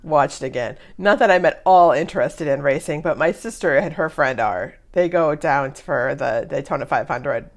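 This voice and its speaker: A woman's voice: low voice, normal speed, hardly any pauses. A middle-aged woman hosting her own movie reaction channel, chatting casually and laughing often as she comments.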